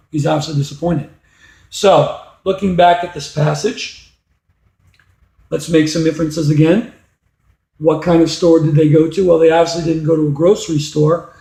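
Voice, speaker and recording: A man's voice: fairly high pitch, vocal fry, warm tone. A man teaching a reading lesson, explaining step by step and asking rhetorical questions. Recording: echoey room.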